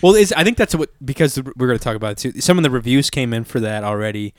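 A man's voice: medium pitch, expressive, fast talker, no echo. A man talks in an easygoing, rambling way on a podcast, swearing casually between stories. His mid-range voice sits close to the mic in a dry, dead-sounding space. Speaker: podcast co-host. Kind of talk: casual chat reacting to a movie trailer.

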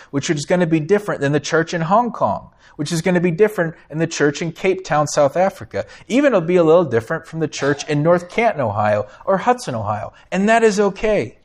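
A man preaching a sermon as pastor, emphatic, lifting his voice on key phrases and putting questions to the congregation. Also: fairly high pitch. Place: church sanctuary.

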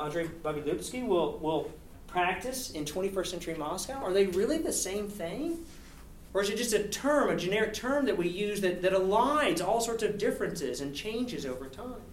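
Distant echoey lecturer at a podium. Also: medium pitch. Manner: poses rhetorical questions, frequent "right?" tag. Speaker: university lecturer. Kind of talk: academic lecture with slides. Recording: echoey hall, distant mic, faint hiss.

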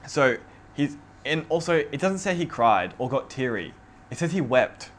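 A man's voice: mid-range voice, normal speed, a little hiss or hum. Chatty man teaching scripture casually. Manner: relaxed and chatty, with many fillers. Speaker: youth group or Bible study leader.

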